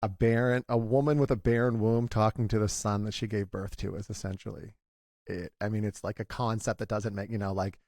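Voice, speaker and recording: A man in his forties, talking in a halting, confessional way, with many restarts, as a guest in a candid conversation. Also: on the low side, fairly even intonation, darkish tone, dry recording, studio quality. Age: 40s.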